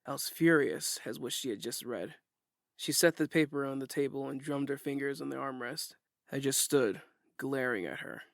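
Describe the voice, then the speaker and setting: Guy reading a first-person audiobook, steady and plain, mid pitch, dry audio. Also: moderate pace, gravelly, no room sound. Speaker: narrator.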